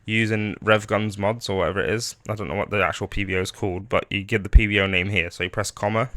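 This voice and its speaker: Guy walking through a modding tool, lowish bright voice, dry close mic, lots of ums. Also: fast, no room sound. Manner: relaxed, rambling explanation with frequent fillers and restarts. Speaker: modding tutorial host. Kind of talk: screen-recorded software tutorial.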